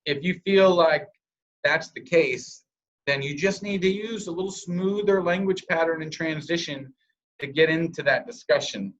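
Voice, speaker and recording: A man's voice: on the high side, normal speed, dull audio. A man giving a sales training presentation over a call, coaching listeners and acting out example scripts in different tones.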